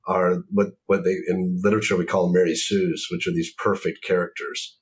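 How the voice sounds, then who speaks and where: A man talking as an author in a casual discussion, thoughtful and measured, with frequent pauses and ums. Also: low-pitched, fairly even intonation, slight background noise. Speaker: author and series creator.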